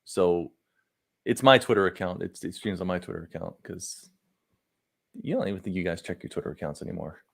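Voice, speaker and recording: A man's voice: deep voice, fairly quick, creaky. A man co-hosting a live stream, joking around in casual chat and running the broadcast. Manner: animated, joking, runs the stream. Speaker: podcast co-host.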